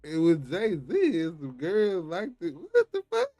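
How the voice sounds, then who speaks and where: A streamer reacting to a clip, laughing and speaking loosely with profanity. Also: male voice, high voice, wildly swooping pitch, unhurried, mellow, faint music behind. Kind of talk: reaction commentary.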